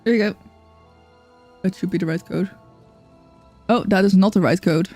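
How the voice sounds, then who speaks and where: A woman's voice: mid-range voice, moderate pace, warm tone, dry recording, soft background music. Chatty woman streamer, dry close sound. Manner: chatty, greets viewers, coos at her cat. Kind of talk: casual live-stream chat.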